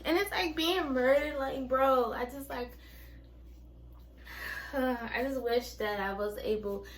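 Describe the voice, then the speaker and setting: A woman's voice: high voice, takes it slowly, reverberant, recorded from a distance, poor audio. A woman in her twenties telling a personal story in a candid, rambling way, with many fillers and restarts. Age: 20s. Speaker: vlogger.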